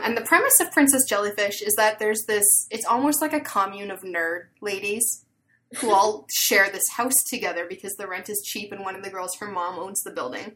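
A woman's voice: medium pitch, sharp tone. A woman, co-hosting a podcast in casual chat and telling stories with many fillers. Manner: chatty storyteller with many fillers. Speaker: podcast co-host.

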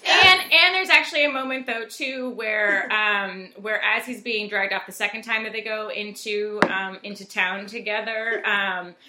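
Brief: chatty woman co-host, rambling, swears, bright voice, echoey room. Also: medium pitch, normal speed, few pauses, a little hiss or hum. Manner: rambling with restarts, casual swearing. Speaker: podcast co-host. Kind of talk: casual chat.

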